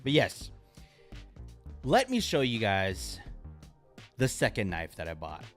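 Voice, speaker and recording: A man hosting a casual live stream, chatting with viewers and reacting with loud exclamations. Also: fairly low pitch, slow pace, faint music behind. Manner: animated, exclaims and laughs at viewers' comments. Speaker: live stream host reviewing knives.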